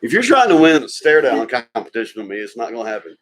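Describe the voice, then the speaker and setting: A man's voice: mid-range voice, sing-song, fast. A man co-hosting a casual livestream, joking around and reading viewer comments. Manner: laid-back, joking, reads viewer comments. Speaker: livestream co-host.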